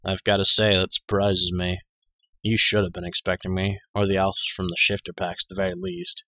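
Male reader playing an ancient vampire master with a low silken drawl, dry and close. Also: level tone, normal speed, sharp tone, no room sound. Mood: cool.

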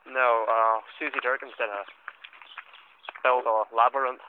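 A man's voice: mid-range voice, level tone, measured pace. A man joking and teasing as he chats casually with a friend while walking outdoors. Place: outdoors on rural paths. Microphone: handheld recorder. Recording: phone-like sound with clear background noise.

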